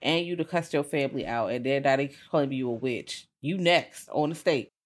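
A woman co-hosting a podcast, chatting casually about a film, swearing freely and acting out characters with big jumps in voice. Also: moderate pace. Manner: profane, animated, acts out characters with big pitch jumps. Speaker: podcast co-host. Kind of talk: casual chat reviewing a film.

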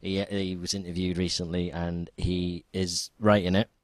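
Deep-voiced man chatting on a podcast. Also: normal speed, dry recording. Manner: relaxed, rambling with many ums. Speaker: podcast co-host. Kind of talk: casual chat.

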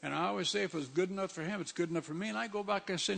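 High gravelly-voiced preacher. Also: male voice, racing, hardly any pauses, a bit bright. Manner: conversational, emphatic, keeps saying "man". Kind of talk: sermon.

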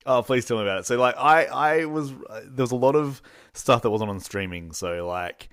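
A man's voice: mid-range voice, normal speed, a bit bright, no echo, clean studio sound. A man with an Australian accent, co-hosting a podcast in playful casual chat and laughing often. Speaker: podcast co-host.

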